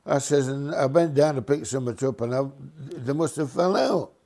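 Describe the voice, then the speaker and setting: A man's voice: moderate pace, creaky. An older man telling a funny anecdote about his bus driving days, acting out other people's voices as he goes. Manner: lively, acts out voices of passengers with raised pitch. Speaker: storyteller, former bus driver.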